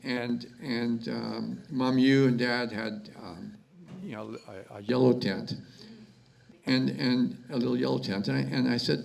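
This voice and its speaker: A man from Canada speaking at his mother's memorial, halting and repeating words with many fillers. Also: medium pitch, fairly even intonation, creaky, low-quality recording. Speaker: son giving a eulogy. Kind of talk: memorial speech.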